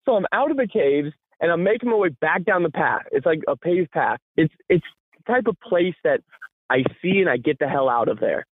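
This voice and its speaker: High-voiced man on a tinny line. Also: a little fast, slightly rough, no room sound. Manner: animated, laughs often, swears freely. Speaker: podcast co-host. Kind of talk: casual chat, storytelling. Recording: tinny phone-like sound, dry.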